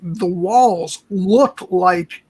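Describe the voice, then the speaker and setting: A man with a high voice hosts a relaxed movie podcast. He rambles through his thoughts, stopping and restarting often as ideas come to him. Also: drawn-out words, slightly rough. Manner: rambling with many restarts and fillers. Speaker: podcast host. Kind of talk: casual film discussion.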